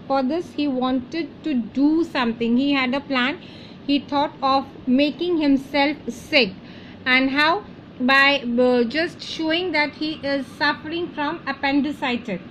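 A woman's voice: sits high, a little hiss or hum, rough recording. A woman teacher, reading a chapter aloud and explaining word meanings as she goes. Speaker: English teacher.

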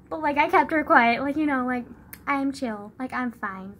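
A young woman telling a story on her phone, animated and sweary, sighing and laughing and saying "like" all the time. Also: moderate pace. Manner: animated, says "like" constantly, sighs and laughs; swears freely, swings from loud outbursts to low mutters. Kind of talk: casual storytime vlog.

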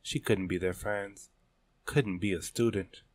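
Slow, low-voiced male storyteller. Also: steady tone. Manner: measured, deliberate storytelling. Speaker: narrator. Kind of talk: scripted audiobook narration.

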